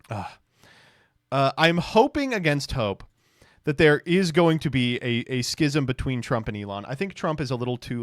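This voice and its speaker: A man's voice: medium pitch, no room sound, studio quality. A man streaming, giving casual, mocking reaction commentary in a rambling way.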